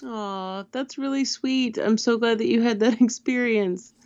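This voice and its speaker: A podcast co-host telling stories in animated, chatty casual conversation. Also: medium pitch, a little slow, no room sound. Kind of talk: casual chat. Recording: dull, lo-fi audio.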